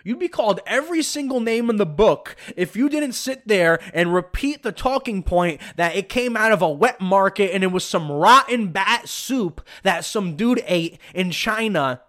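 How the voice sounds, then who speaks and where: A man's voice: high-pitched, lively intonation, moderate pace, hardly any pauses, fairly bright tone. A man hosting a podcast, delivering emphatic, sarcastic opinion commentary. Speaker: podcast host.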